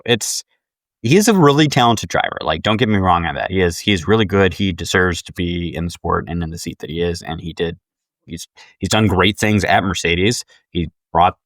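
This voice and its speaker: Low voiced guy co-hosting a podcast, lots of uhs and restarts, dry close sound. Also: no echo. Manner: hesitant, many fillers and restarts. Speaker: podcast co-host. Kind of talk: casual chat.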